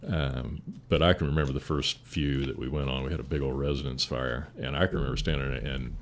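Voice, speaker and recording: An older man, a fire chief, telling stories in a calm, steady, rambling way with many restarts. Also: rumbling low, quick pace, a little hiss or hum. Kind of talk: casual interview storytelling.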